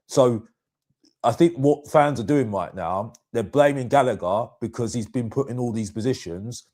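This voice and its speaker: A man's voice: mid-range voice, moderate pace, a little mellow. A man calling into a football chat stream, searching for words and repeating phrases as he builds his point. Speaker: guest caller.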